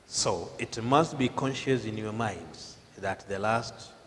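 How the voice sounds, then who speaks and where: A man teaching a televised classroom lesson, speaking slowly and deliberately and stressing his key words. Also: fairly low pitch, expressive, fairly bright tone, a little hiss or hum. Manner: slow, deliberate, emphatic delivery. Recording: long hall reverb.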